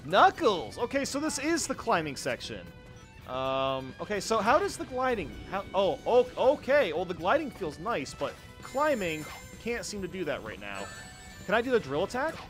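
Young male gaming host, casual commentary, high and lively, bright tone, faint game music under. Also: normal speed. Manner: excitable, jokey, yelps at the game. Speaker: gaming YouTuber. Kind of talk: casual let's play commentary.

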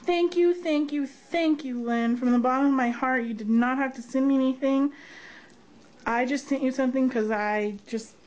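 A woman's voice: sits high, fairly even intonation, normal speed, highs cut off. A woman vlogger unboxing a gift box, gushing and gasping with delight. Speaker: craft vlogger. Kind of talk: unboxing vlog.

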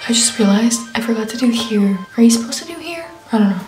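A woman's voice: fairly high pitch, lively intonation, fast talker, a little mellow, soft background music, rough recording. A teenage girl vlogging at night from her bedroom into a camera on a tripod, chatty and self-mocking, often dropping into a whisper. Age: teens. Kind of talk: casual late-night vlog chat.

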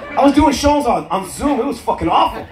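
A man's voice: extremely high pitch, lively intonation, brisk, over loud music. A male stand-up comedian doing profane, teasing crowd work on a cruise ship stage, laughing often at his own jokes. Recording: echoey room, loud crowd laughter. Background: audience laughter.

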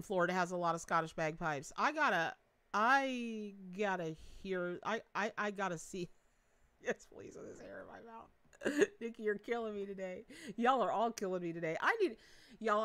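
A woman's voice: medium pitch, fairly bright tone. A middle-aged woman hosting a live tarot reading, talking in a bubbly, chatty way with frequent laughs and folksy asides.

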